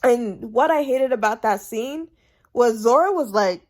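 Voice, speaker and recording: A woman with a slightly high voice talks through her favorite scenes in a relaxed, chatty recap. She is animated and emphatic, circling back to repeat her points for emphasis. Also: a little slow. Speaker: TV show recap vlogger.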